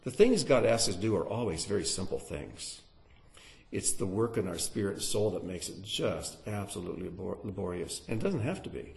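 Animated male Bible teacher, lively pitch. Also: fairly quick, creaky. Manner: animated, dramatic, acts out voices. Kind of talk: sermon teaching through scripture.

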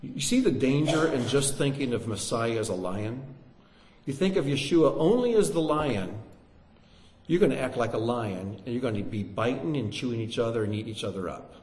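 A man preaching a sermon in an animated way, with joking asides and swings between loud and hushed delivery. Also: medium pitch, moderate pace, reverberant, slight background noise.

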